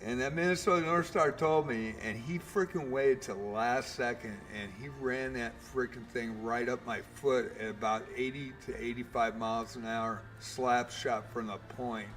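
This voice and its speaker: A man's voice: medium pitch, moderate pace, few pauses, fairly bright tone. A man in his fifties, a game streamer, casually telling a long story with lots of fillers and mild swearing.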